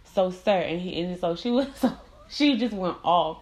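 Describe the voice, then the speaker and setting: A woman's voice: on the low side, normal speed. A young adult woman hosting her own podcast, telling candid, profane stories in casual chat and acting out the people she quotes. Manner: candid, profane, animated storytelling with quoted voices. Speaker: podcast host. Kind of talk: casual storytelling monologue.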